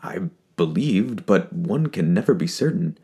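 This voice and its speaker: A devout old village priest, put on by a man speaks in a low, gravelly voice that trembles and catches with feeling. The voice stays deep and rough, with a shaky, choked-up delivery. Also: a little slow, a little mellow, full character voice. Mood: tearful awe. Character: older male village priest, devout and emotional.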